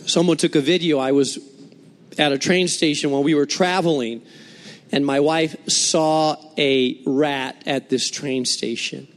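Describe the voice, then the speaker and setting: A man preaching a sermon, explaining scripture and telling lively, humorous stories from his own life. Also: fairly high pitch, a little slow, in a large hall. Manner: animated storytelling with humor. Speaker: pastor.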